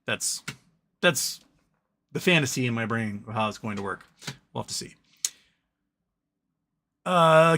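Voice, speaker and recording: A man's voice: mid-range voice, expressive, a little slow, long pauses, sharp tone. A man hosting a live stream, chatting casually about stocks and reading viewer questions, with a rambling delivery full of ums and self-corrections.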